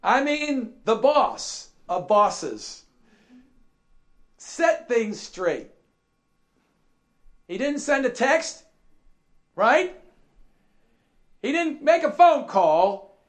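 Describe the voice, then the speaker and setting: High-voiced man preaching slowly. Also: sing-song. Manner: emphatic, repeats key phrases, asks the congregation questions; swings between soft asides and loud shouted emphasis. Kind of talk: sermon.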